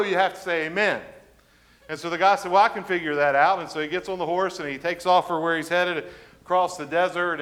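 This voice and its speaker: A man's voice: high voice, fairly bright tone. A man preaching as a visiting supply pastor, telling a folksy joke and saying a heartfelt farewell, with frequent "uh" fillers. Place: church sanctuary.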